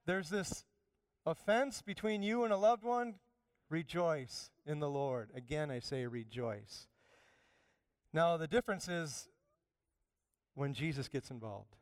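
A man preaching a sermon, animated, swinging from loud emphatic bursts down to quiet asides. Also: on the high side, slow pace, long pauses, smooth, no room sound, studio quality. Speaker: pastor.

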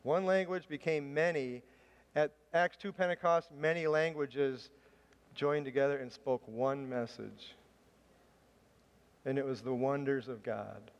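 A man of medium pitch preaches a sermon, telling a chatty, self-mocking personal story before turning to scripture. His voice carries a long reverb, as if heard in a church hall. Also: steady tone, a little slow. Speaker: pastor.

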